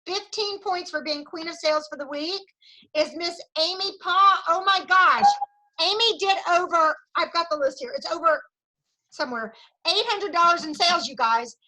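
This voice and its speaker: Her very high-pitched voice is bright and forceful, moving at a moderate pace through a roughly recorded video call. Leading her sales team, she cheers them on with an energetic pep talk full of recognition and a Southern "y'all".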